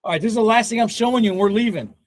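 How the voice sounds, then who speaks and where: A man in his fifties chats on a casual livestream in a fairly high voice, excitable and quick to laugh. He swears freely as he answers the chat, and the sound is close and dry. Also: no echo. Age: 50s. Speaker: livestream host reading chat.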